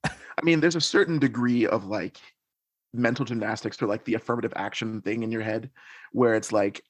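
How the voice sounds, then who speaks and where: A man with a lowish voice and moderate pace speaks as a podcast guest, earnestly recounting his experiences. It's conversational storytelling with a reflective feel.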